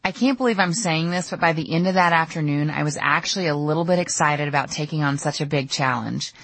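A woman's voice: low-pitched, fast talker. A middle-aged woman narrating her own audiobook memoir in a candid, storytelling way. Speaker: author reading her memoir.

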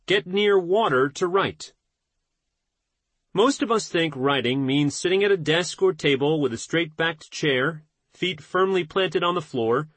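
A man narrating a nonfiction audiobook in a measured, steady reading voice. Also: a little high, slightly rough, no echo.

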